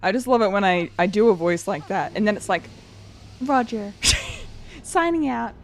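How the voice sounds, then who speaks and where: A woman's voice: medium pitch, quick pace. A woman streamer chatting casually while she plays a game. She is playful, laughs often and swears now and then. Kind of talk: casual live-stream chat while gaming.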